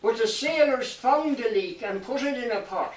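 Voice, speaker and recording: A high-voiced man spins a lilting nonsense folk tale to a live audience. He is picked up from a distance, so the hall echoes around him. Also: moderate pace. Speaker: storyteller.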